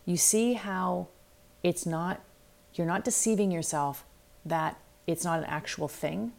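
A middle-aged woman with a low voice hosts a solo self-help podcast. She talks candidly and reflectively as a life coach, and now and then acts out the voices in her head. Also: a little slow, vocal fry, darkish tone.

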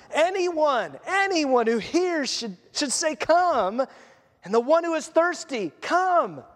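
A middle-aged male pastor preaches with a strikingly high voice, jumping into the voices of the people he quotes. His words ring out with the long reverb of a big church hall. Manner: animated, acts out quotes, restarts often. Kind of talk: sermon.

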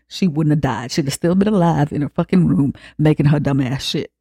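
A podcast host giving a comic, profane recap of a film, acting out the characters' lines with lively swings. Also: mid-range voice, brisk, hardly any pauses, slightly rough, no echo, studio quality. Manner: profane, animated retelling with acted-out quotes.

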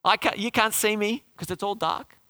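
A man preaching a sermon in a lively, conversational way, often asking the congregation questions. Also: sits high, moderate pace, dry recording. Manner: lively, conversational, asks the crowd questions, restarts.

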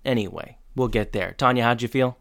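A man's voice: mid-range voice, a little fast, vocal fry, a bit bright. A man co-hosting a casual podcast, steering the chat about a TV episode with small fillers and restarts. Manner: organized, steers the talk, hesitant fillers. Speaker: podcast co-host.

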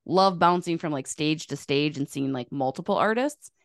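A woman in her thirties hosting a casual sports podcast, chatty and quick to laugh. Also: low voice, lively intonation, no room sound, studio quality. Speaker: podcast host and sports writer.

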